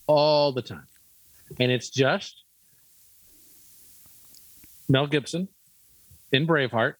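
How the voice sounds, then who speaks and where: A man's voice: medium pitch, takes it slowly, slightly rough, no echo, low-quality recording. A man from Michigan, a comedian guest on a podcast, playful and fond of repeating silly catchphrases. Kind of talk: casual podcast banter.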